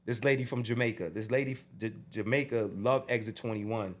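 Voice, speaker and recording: A man with a New York accent telling a story in a casual interview, swinging from low mutters to loud outbursts. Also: fairly quick. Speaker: interview guest.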